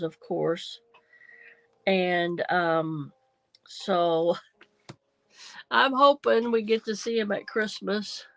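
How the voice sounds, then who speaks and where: A middle-aged woman hosts a casual crafting livestream from home, her voice nasal and congested from feeling unwell. She talks slowly in a rambling, apologetic way, with a gravelly edge, dry close sound and faint music behind her. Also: fairly low pitch, dry recording. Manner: rambling, apologetic, many ums and restarts. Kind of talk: casual livestream chat while junk journaling.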